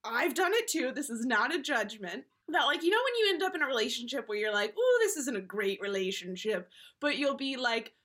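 High, animated woman chatting. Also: brisk, hardly any pauses. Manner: animated, acts out quoted voices. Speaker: podcast co-host. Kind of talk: casual podcast chat.

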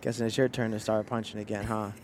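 A man's voice: on the low side, little pitch movement, quick pace, a loud crowd. A young man co-hosting a casual couple's podcast. He jokes about himself and defends himself playfully. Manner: joking, self-deprecating, playfully defensive. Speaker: podcast co-host.

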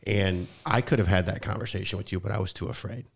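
A man with a very low, gravelly voice hosts a heartfelt podcast conversation. He speaks with open emotion, stumbling and restarting as he goes. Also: fairly even intonation, fast. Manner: emotional, rambling with frequent restarts. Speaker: podcast host.

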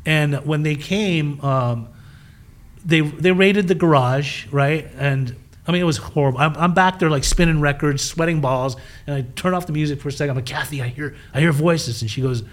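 A man telling his life story as a guest in an interview, animated and acting out the voices of the people he quotes. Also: a little high, normal speed. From southern California.

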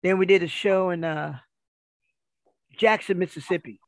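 High, gravelly man spinning a yarn. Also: moderate pace, no echo. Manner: rambling, animated retelling with quoted dialogue. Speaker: guest storyteller. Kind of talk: casual storytelling.

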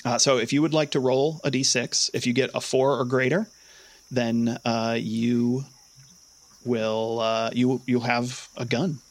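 A young man narrating a tabletop game as its game master. He describes scenes in a halting way, full of fillers and restarts, and laughs easily between lines. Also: medium pitch, little pitch movement. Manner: hesitant, many fillers, laughs often.

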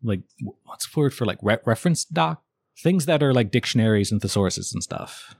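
A podcast guest in a casual brainstorm, often pausing and hedging. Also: medium pitch, lively intonation, creaky, no room sound, studio quality. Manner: halting, hedging speech.

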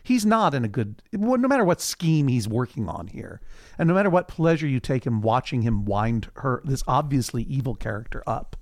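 A man's voice: mid-range voice, moderate pace, no room sound, studio quality. A man co-hosting a podcast, recapping a TV series in casual chat and acting out the characters' lines. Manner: animated, acts out characters in quoted voices. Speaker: podcast co-host.

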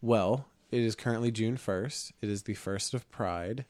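A man's voice: on the low side, a little slow, darkish tone, dry recording. Rambling casual man, dry mic. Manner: loose, rambling, swearing freely. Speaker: podcast co-host. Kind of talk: casual chat.

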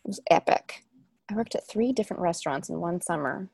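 Guest: young woman stage performer, fairly low voice, loose and chatty, dry close sound. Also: animated, fairly quick, creaky, a little mellow, slightly rough, dry recording. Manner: chatty, self-deprecating, many restarts. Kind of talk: casual interview chat.

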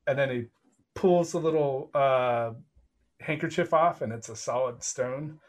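Laid-back young man running a game. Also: mid-range voice. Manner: casual and laughing, acting out the figures in quick bits. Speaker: game master. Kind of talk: narrating a tabletop game.

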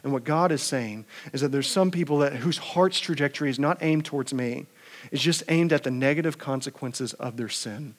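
A pastor preaching a conversational sermon, asking rhetorical questions and often repeating words. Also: male voice, medium pitch, normal speed.

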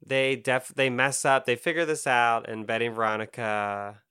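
A man's voice: mid-range voice, flat delivery, moderate pace, pushed and bright, smooth. A young man co-hosting a casual podcast chat, laughing often as he talks. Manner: laughs often, loose and chatty. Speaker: podcast co-host. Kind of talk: casual chat about comics.

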